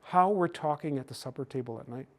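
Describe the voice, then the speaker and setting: An older Canadian man giving a gentle, folksy storytelling talk to a hockey team. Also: a little high, quick pace. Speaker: speaker on cultural mindfulness.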